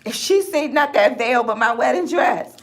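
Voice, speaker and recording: A woman's voice: high-pitched, animated, moderate pace. A woman talking in an upset, rambling vlog, often stopping and restarting her sentences. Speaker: vlogger. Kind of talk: emotional personal vlog.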